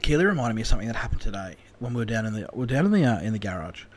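A man's voice: on the low side, rapid-fire. Australian man telling rambling stories. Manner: rambling, animated storyteller, swears freely. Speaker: podcast co-host. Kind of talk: casual storytelling chat.

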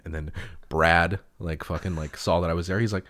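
A young man with a very low, deep voice swaps road stories in a loose, rambling way. He curses freely and breaks into laughter often. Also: little pitch movement, fast, a bit bright. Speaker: touring band musician. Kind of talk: casual chat.

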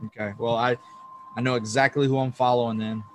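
A man hosting a casual podcast in a mid-pitched voice. He speaks in a friendly but halting way and restarts his sentences. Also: level tone, slight background noise. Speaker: podcast host.

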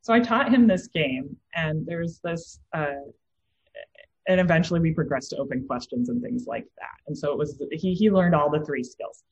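A woman's voice: low-pitched, normal speed, vocal fry, darkish tone, breathy edge, lo-fi sound. A woman in her thirties, an empathy trainer, chatting casually and telling stories with many fillers. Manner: anecdotal, with filler words. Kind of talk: casual podcast chat.

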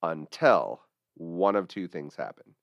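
Midwest guy, real low voice, chatty and animated, dry close mic. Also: slow, gravelly, no room sound, lo-fi sound. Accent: Midwestern American. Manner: chatty, animated storytelling with voice impressions. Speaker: podcast co-host. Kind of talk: casual chat.

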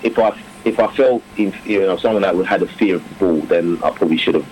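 A man's voice: deep voice, fast, a little hiss or hum, poor audio. A man, a cricketer who now coaches, answering interview questions in a loose, rambling way full of fillers and restarts. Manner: rambling, many fillers and restarts, warm laughter.

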